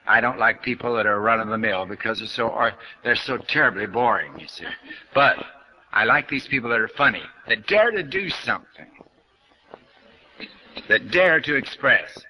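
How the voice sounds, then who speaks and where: Bright-voiced man giving a spiritual lecture. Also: mid-range voice, lively intonation, normal speed, low-quality recording. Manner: conversational, folksy, quotes scripture. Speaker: New Thought lecturer. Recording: archival lecture recording.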